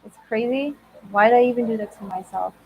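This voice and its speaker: A woman's voice: a little high, fairly quick, darkish tone, breathy edge, poor audio. A woman in her thirties hosting a casual writing livestream, bubbly and greeting viewers by name. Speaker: livestream host.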